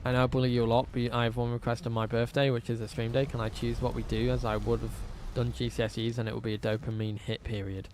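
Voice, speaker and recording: A man's voice: mid-range voice, level tone, quick pace, hardly any pauses, darkish tone, a little hiss or hum. A man streaming a dinosaur game, chatting casually with viewers, reading out chat and swearing often.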